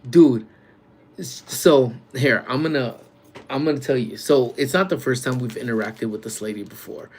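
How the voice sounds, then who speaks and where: A man working security, chatting casually with viewers on a live stream from work, using relaxed slang and calling out loud greetings to people joining. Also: mid-range voice, normal speed. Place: workplace community center.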